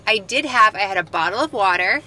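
An American woman telling stories in a casual podcast chat, chatty and animated. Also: medium pitch, brisk, slight background noise. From United States. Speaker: podcast co-host.

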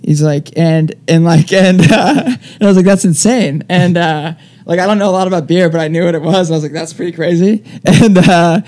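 A man's voice: high voice, brisk, few pauses, a little mellow. Young man rambling with many fillers. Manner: rambling, heavy use of "like" fillers. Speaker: guest. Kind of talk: casual storytelling interview.

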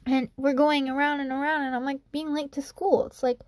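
High-voiced rambling young storyteller, woman. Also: flat delivery, a little fast, no room sound. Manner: rambling, full of "you know" and "I'm like"; anxious, self-reproaching. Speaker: student. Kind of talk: casual storytelling.

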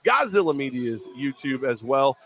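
A man co-hosting a podcast in casual sports chat, rambling and cracking jokes with quick asides. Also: medium pitch, big pitch swings, creaky, a bit bright. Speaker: podcast co-host.

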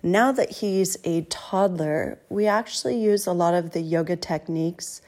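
A mother giving a short, calm testimonial about doing yoga with her child. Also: on the low side, normal speed. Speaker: parent.

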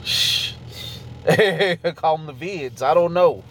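A man co-hosting a podcast in casual chat, animated, laughing often and swearing casually. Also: fairly high pitch, slow pace, a little hiss or hum. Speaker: podcast co-host.

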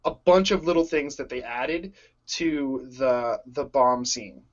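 A man in casual conversation about a superhero movie, excitable and gushing, often laughing. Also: mid-range voice, slow pace, highs cut off. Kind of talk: casual movie review chat.

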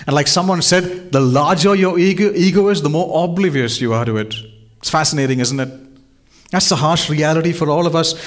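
A man pastor preaching a sermon in an earnest way, often asking his listeners rhetorical questions. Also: a little high.

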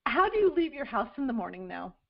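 A woman's voice: on the high side, sing-song, fast talker, creaky. Middle-aged woman host, lo-fi sound. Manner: gentle, affirming questions. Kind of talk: interview conversation. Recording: dull lo-fi sound.

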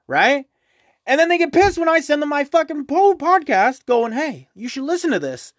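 Young male podcast host, high-pitched, rambling profane rant, dry close-miked sound. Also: sing-song, normal speed, no echo. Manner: rambling, profane, keeps asking "right?". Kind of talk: casual solo podcast rant.

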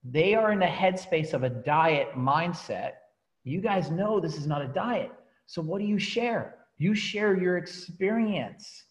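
A man giving a motivational talk to a coaching team, telling his story in an animated way and often restarting his sentences. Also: sits high, measured pace, low-quality recording. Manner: animated storytelling, repeats words and restarts, laughs at himself.

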